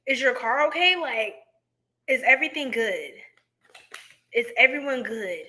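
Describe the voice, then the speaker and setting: A young woman hosts a tarot livestream, reading out comments and joking with her chat. She speaks, breaks into laughter often and loves a pun. Her voice sits high and bright, and she takes her time. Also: expressive, takes it slowly, long pauses. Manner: giggly, playful, punning, laughs often. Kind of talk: casual live-stream chat reading viewer comments.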